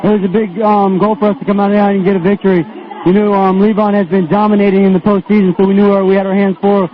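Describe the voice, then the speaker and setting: A man, a baseball player, answering post-game interview questions with frequent fillers. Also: high-pitched. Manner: flat, quick, with um fillers. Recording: tinny radio broadcast.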